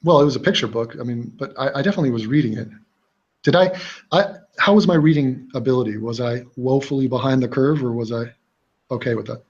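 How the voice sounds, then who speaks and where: A young man hosts his own livestream, talking bluntly and rambling through fillers and false starts. His voice has a husky edge. The sound is a little dull and lo-fi. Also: mid-range voice, fast talker. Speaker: livestream host. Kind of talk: casual livestream chat.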